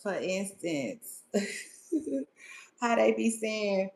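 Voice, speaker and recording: A woman's voice: fairly low pitch, takes it slowly, fairly bright tone, echoey room. A woman chatting casually with viewers as a podcast host, laid-back and laughing, with slangy talk.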